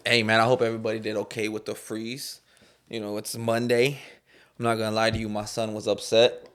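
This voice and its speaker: A man's voice: lowish voice, flat delivery, fairly quick, a bit bright, smooth. A man hosting his own podcast from a room at home, chatting loosely in slang and telling stories. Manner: loose, slangy, storytelling with acted-out quotes. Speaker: podcast host. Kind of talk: casual chat.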